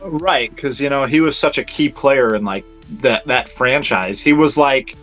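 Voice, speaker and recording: A man's voice: medium pitch, measured pace, fairly bright tone. A man co-hosting a casual movie review podcast, speaking hesitantly and rambling through restarts. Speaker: podcast co-host. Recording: slightly dull lo-fi audio with faint music.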